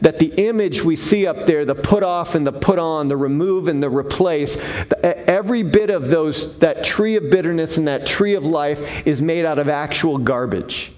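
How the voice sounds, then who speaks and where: A man preaching a sermon, defining terms one by one with deliberate, emphatic pauses. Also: on the high side, a little mellow. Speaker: pastor.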